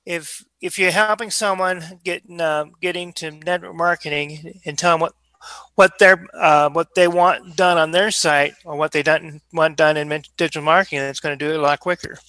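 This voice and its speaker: A man's voice: fairly high pitch, fairly even intonation, moderate pace, bright, forceful tone, no echo, low-quality recording. A man in a group discussion, speaking hesitantly with many fillers. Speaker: guest.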